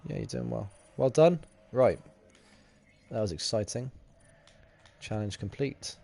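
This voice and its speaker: A man's voice: medium pitch, gravelly, a little mellow. A man with a mid-range voice riffs over gameplay in casual chat. He is cheeky and boisterous, teasing his friend while cheering on the play. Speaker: let's play co-host.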